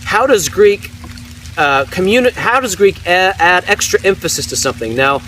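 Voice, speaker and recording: A man's voice: high voice, lively intonation, moderate pace, fairly bright tone. Man explaining, heard from a distance. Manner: explanatory, frequent restarts and "right?" tags. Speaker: Bible translator. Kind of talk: casual teaching conversation. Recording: distant mic with faint noise.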